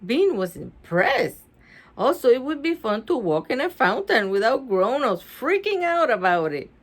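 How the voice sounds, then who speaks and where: A mother reading a children's storybook aloud at home, breaking off for chatty asides and laughing easily. Her fairly high voice swings up and down a lot, and she takes her time. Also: big pitch swings, a little slow.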